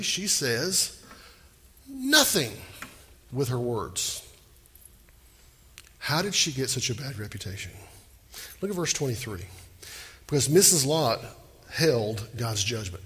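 Male pastor, bright husky voice, emphatic sermon delivery, long hall reverb. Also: mid-range voice, takes it slowly, long pauses. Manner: animated, emphatic, asks the crowd questions.

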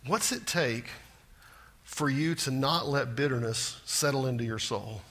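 A man preaching a sermon, swinging from loud repeated emphasis to hushed asides. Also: mid-range voice, unhurried. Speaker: pastor.

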